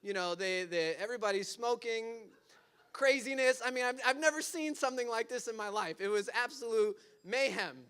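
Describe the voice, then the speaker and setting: A man pastor telling a personal story in a sermon, animated and full of "like" fillers. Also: very high-pitched, normal speed, clean tone.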